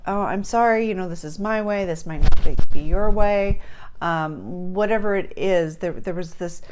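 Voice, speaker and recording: A woman talking casually to camera as a book writing coach, chatty and earnest, with fillers and restarts. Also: mid-range voice.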